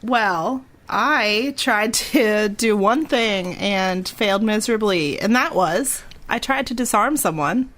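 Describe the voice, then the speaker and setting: Woman, tabletop player, unhurried and hesitant, casual banter. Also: mid-range voice, expressive, a bit bright. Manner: hesitant, filler-heavy questions. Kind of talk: casual chat.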